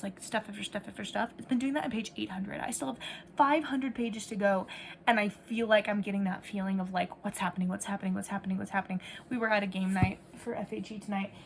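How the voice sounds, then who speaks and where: A woman's voice: mid-range voice, creaky, slight background noise. A young woman chatting casually in a reading vlog at home, rambling with lots of likes. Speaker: book vlogger.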